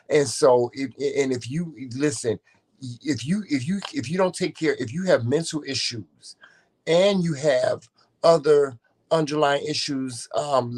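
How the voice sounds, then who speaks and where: A man's voice: mid-range voice, breathy edge. A man co-hosting a casual podcast, talking earnestly and often restarting his sentences. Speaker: co-host.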